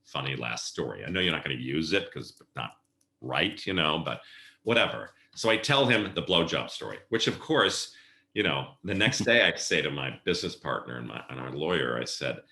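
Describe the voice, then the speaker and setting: Middle-aged male guest, low bright voice, lively storyteller, roomy echo. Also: moderate pace, vocal fry. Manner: animated storyteller acting out quoted voices. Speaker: podcast guest, event planner. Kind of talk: casual storytelling interview.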